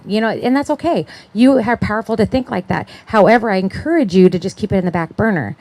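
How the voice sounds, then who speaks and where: A woman's voice: mid-range voice, fast talker, few pauses, a little mellow, no room sound. Chatty woman preaching at a conference. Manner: chatty, checks in with the crowd, laughs often. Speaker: conference speaker. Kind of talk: conversational sermon.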